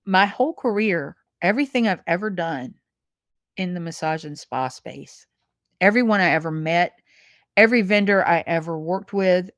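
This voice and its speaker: A woman's voice: lowish voice, no room sound, studio quality. A woman speaking as a podcast guest, earnest and emotional, often repeating words. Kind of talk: heartfelt interview conversation.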